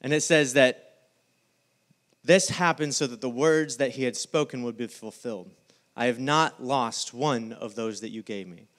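A male pastor preaching a sermon, telling the story with lively quoted voices. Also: mid-range voice, normal speed. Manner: animated storytelling, acting out the scene in quoted voices.

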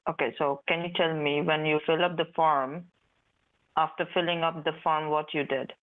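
A man's voice: a little high, fairly even intonation, normal speed. A man posing as a support agent on a call, evasive and stalling, repeating himself. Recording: tinny dry phone line.

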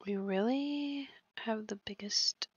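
Slow, whispery young woman gamer. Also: fairly high pitch, breathy edge, muffled recording. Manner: often whispers, amused and chatty. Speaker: gaming channel host. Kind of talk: casual let's-play commentary.

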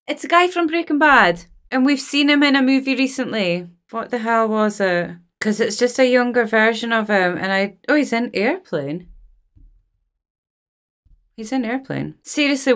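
A woman in her thirties, hosting a movie reaction in a gushing, exclamatory way and thinking out loud. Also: fairly high pitch. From Scotland.

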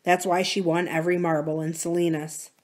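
A woman reading a novel aloud for a library series, in a measured, even storytelling manner. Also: lowish voice. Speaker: library reader.

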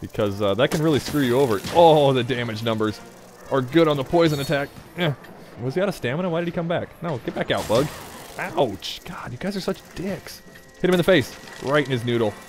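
A man's voice: medium pitch, expressive, brisk. A man giving joking, rambling commentary as he plays a video game. He talks back to the game, chuckles often, and wanders off on side remarks. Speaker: let's play gamer. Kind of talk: gameplay commentary.

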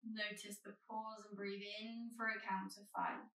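A woman yoga teacher giving calm, gentle spoken cues through a guided flow. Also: mid-range voice, normal speed, roomy sound, far from the mic, poor audio.

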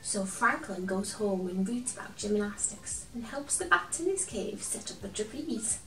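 Expressive woman reading a picture book, echoey room. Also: mid-range voice, normal speed, far from the mic. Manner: gentle and expressive, chatting to a toy companion. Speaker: children's storyteller. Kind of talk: picture-book read-aloud for children. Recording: roomy echo, from off the mic.

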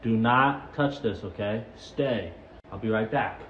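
A man talking softly and slowly to his dog, coaxing and praising it. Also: fairly low pitch, echoey room, lo-fi sound, slight background noise. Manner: soft, slow and coaxing. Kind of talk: casual talk to a dog.

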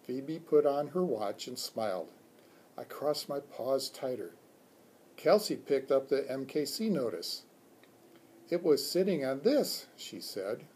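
A man reading a children's chapter book aloud for a school, expressive and doing character voices. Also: medium pitch, measured pace, breathy edge. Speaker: school read-aloud reader.

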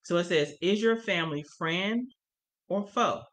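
A woman's voice: fairly low pitch, a little slow, fairly bright tone. Woman reading church lesson aloud. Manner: reads passages aloud, then stresses key points. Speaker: co-teacher of a church family course. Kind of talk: reading and explaining course material.

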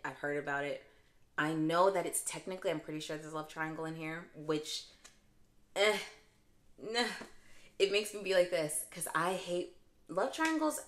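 A young woman chatting casually as a book vlogger, gushing and expressive, with dramatic swings in pitch and volume. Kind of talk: casual chat.

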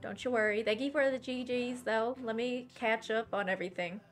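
Excitable game streamer, fake accent, music underneath, woman. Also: on the high side, fairly quick. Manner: put-on bad accent, excitable and chatty. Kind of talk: live game commentary.

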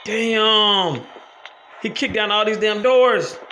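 High-voiced excitable gaming man. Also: slow pace, noisy background. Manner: loud exclamations and cursing at the game. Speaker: gaming channel host. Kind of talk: excited horror game commentary.

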